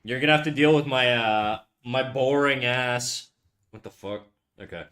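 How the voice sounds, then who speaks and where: At a moderate pace and medium pitch, with a fairly bright tone, a young man chats casually on a live stream while drawing. He reads chat aloud and swears plenty, easygoing, speaking into a USB condenser desk mic in his apartment's untreated room.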